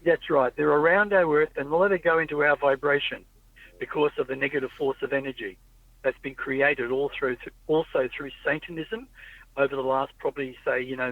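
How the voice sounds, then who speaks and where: A man's voice: mid-range voice, gravelly, no echo. A man chatting casually in a car, rambling through stories and quoting the people in them. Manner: rambling storyteller, acts out quoted people. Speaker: podcast host. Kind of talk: casual chat. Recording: tinny phone-like audio, dry.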